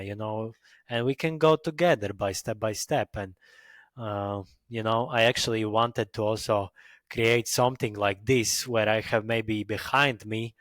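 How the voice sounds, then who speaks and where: Halting Latvian-accented man, dry sound. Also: lowish voice, fairly bright tone, no room sound. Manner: halting, many fillers, self-mocking. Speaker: podcast host. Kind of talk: casual monologue.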